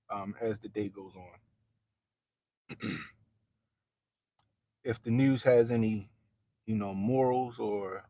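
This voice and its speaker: A man's voice: medium pitch, darkish tone, no room sound. A man hosting a livestream in a loose, slangy way, talking directly to the people watching. His voice is close and dry, with no room sound around it. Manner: loose, slangy, talks straight to viewers. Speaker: livestream host. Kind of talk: casual livestream chat.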